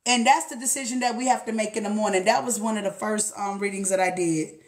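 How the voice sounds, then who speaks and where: A woman's voice: medium pitch, steady tone, quick pace. A woman giving a casual motivational talk, blunt and profane, often laughing as she talks to herself. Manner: blunt and profane, swears freely. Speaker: spiritual motivational speaker.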